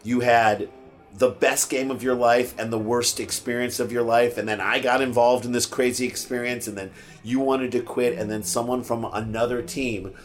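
A middle-aged man, a podcast guest, telling a personal story in casual chat, animated and swearing freely, acting out what people said. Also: mid-range voice, moderate pace, faint music behind.

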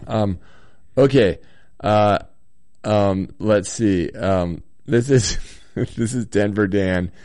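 A man with a deep, low voice chats casually through listener comments while sitting in a hotel room. He has a slight cold and talks in a halting, rambling way, full of ums and soft chuckles. The sound is dry and close, with no room echo. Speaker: podcast host reading listener comments. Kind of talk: casual solo chat.

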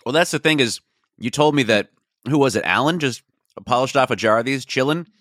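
A man's voice: medium pitch, brisk, fairly bright tone, no echo, clean studio sound. A man co-hosting a podcast in easygoing, playful casual chat. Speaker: podcast co-host.

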